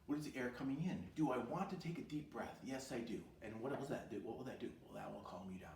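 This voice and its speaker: A man teaching an e-learning music therapy lesson for children, animated, asking questions and answering them himself, now and then singing short lines. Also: medium pitch, fast talker, vocal fry, reverberant, distant mic, a little hiss or hum.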